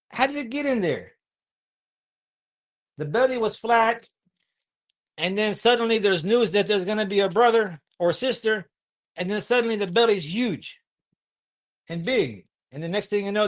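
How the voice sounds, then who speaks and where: A man with a high voice preaches to young listeners. He keeps asking them questions. He recites Arabic verses and explains each one in plain words. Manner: asks the audience many questions. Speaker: Islamic preacher.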